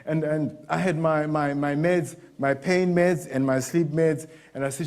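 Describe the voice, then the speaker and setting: A middle-aged man from Zimbabwe gives a sermon built on his own story. He speaks frankly, with many restarts, and slips into other people's voices as he tells it. His voice sits a little high for a man. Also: fairly even intonation, unhurried, few pauses, a little mellow. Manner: candid personal testimony, frequent restarts, acts out voices of others. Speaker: preacher.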